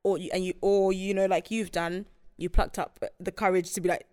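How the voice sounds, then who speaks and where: A woman's voice: fairly low pitch, little pitch movement, fairly quick, dark tone, no room sound, clean studio sound. Young woman asking reflective questions. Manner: asks thoughtful questions, hesitant. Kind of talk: casual chat.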